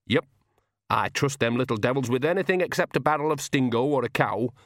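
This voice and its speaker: A man's voice: mid-range voice, expressive, a little fast, fairly bright tone, no room sound, clean studio sound, voice pushed up. A man voicing a chatty, earthy old grandmother witch with a homely, blunt way of talking, in a storybook reading. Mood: gossipy. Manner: homely, folksy, cheerfully blunt.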